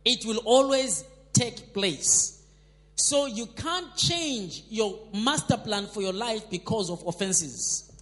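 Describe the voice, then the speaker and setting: A man's voice: sits high, slow pace, a bit bright. A man preaching a sermon, emphatic and repetitive, calling on the congregation to respond. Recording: long hall reverb.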